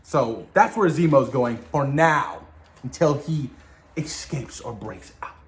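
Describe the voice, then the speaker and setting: A man hosting a casual spoiler discussion of a TV episode, talking excitedly in slang straight to his viewers. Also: medium pitch, slow. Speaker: video host reviewing a TV episode.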